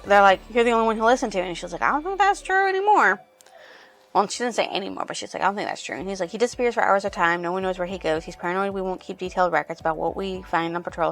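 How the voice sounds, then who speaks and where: A woman's voice: medium pitch, fairly bright tone. Female book reviewer, mid-range voice, chatty rambling recap, faint music underneath. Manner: rambling retelling with many "she's like" quotes. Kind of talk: casual plot recap.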